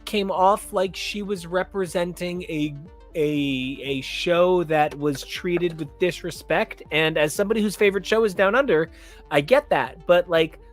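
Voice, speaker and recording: A man co-hosting a podcast in casual chat, blunt and sarcastic. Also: fairly high pitch. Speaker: podcast co-host.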